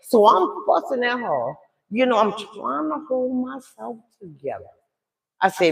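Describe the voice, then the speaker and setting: An older woman telling a dramatic story to her viewers in a chatty, animated way. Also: mid-range voice, unhurried, echoey room. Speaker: live streamer telling a story.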